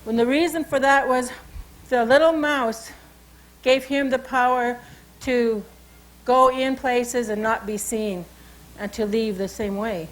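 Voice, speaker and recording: A woman's voice: a little high, fairly even intonation, takes it slowly, poor audio. A woman with a Salish accent, telling a traditional story and teaching animal names in a loose, informal way, often saying "you know" and "okay.". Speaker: cultural educator.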